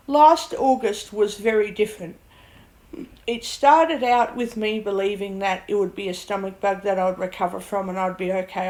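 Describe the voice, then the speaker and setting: A woman's voice: medium pitch, low-quality recording. Woman vlogger, rambling vent, blunt, swears, laughs it off, mid-range voice. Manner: blunt, swears, laughs at her own ordeal.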